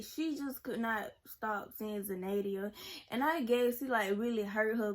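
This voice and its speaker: A young woman, telling a personal story to camera in a rambling, casual way. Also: a little high. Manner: rambling, many "like"s and "y'all"s. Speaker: vlogger. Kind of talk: storytime vlog.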